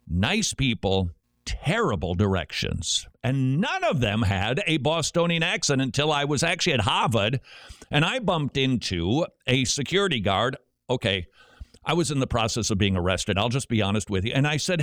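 A man hosting a Christian radio talk show, telling stories in a lively, joking way. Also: medium pitch, moderate pace, dry recording, studio quality. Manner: animated, joking storyteller. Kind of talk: conversational radio commentary.

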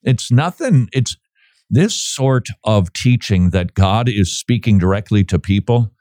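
A man hosts a casual commentary show, sarcastic and quick to laugh. His pitch leaps up and down as he mocks and then turns serious. The recording is close and dry. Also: no room sound. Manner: sarcastic, animated, laughs often. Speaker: podcast host.

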